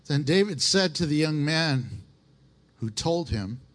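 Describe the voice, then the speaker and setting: A man preaching a sermon in a lively, animated way, often restarting and acting out little voices. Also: fairly high pitch, slow. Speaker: pastor.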